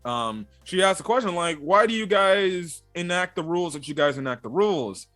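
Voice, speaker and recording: A man's voice: high voice, lively intonation, moderate pace, a bit bright. A man giving a casual, rambling review of an anime episode, full of fillers and loose asides. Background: faint background music.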